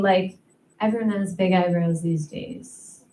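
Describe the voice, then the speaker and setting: Slow, chatty woman doing stand-up in an echoey room. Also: lowish voice, fairly even intonation, mellow. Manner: chatty, self-deprecating, many ums and likes. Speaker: stand-up comedian. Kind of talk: stand-up comedy set. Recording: echoey room, mic at a distance, faint noise.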